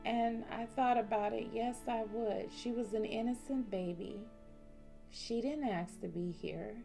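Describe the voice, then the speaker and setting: A woman in her forties telling a heartfelt personal story in a slow, emotional vlog. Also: a little high, vocal fry. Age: 40s. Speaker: vlogger. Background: soft instrumental music.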